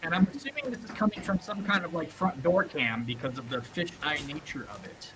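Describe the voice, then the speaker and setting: Enthusiastic co-host, bright tone, very animated. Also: medium pitch, brisk. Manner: enthusiastic, laughing. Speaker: podcast co-host. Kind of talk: casual chat.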